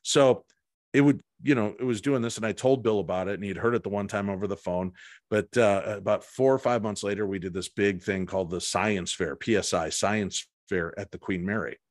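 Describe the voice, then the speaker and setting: A middle-aged man, a guest in a casual interview, telling an anecdote with animated delivery and acted-out voices. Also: fairly low pitch, fairly quick, dry recording, clean studio sound. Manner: animated anecdote-teller, acts out voices and lines. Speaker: guest, paranormal investigator.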